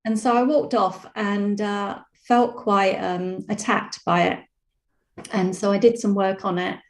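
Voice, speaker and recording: Woman, mid-pitched, calm reflective storyteller, roomy video-call sound. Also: unhurried. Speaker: program participant sharing a story. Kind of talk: casual personal sharing on a video call. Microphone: video call microphone.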